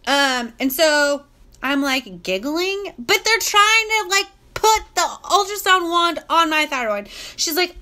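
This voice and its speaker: Chatty bright-voiced young woman vlogger. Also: high voice, unhurried. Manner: animated and chatty, full of "like". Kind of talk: casual storytelling to camera.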